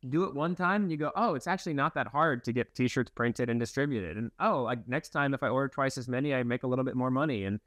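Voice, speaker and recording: A young man, a guest in an interview, telling stories in a relaxed, rambling and self-deprecating way, laughing now and then. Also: mid-range voice, fast talker, few pauses, no echo. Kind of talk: casual interview storytelling.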